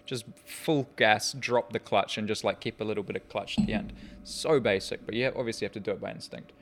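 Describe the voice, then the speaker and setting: A man's voice: on the low side, fairly quick, music in the background. A young man in his twenties with a New Zealand accent, a guest chatting casually in a blunt, laid-back way and swearing freely. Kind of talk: casual chat.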